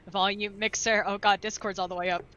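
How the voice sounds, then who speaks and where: A woman's voice: mid-range voice, level tone, a little fast, a bit bright, clear, resonant tone. A woman player at a tabletop role-playing game, chatting enthusiastically out of character. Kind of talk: casual chat at a tabletop game.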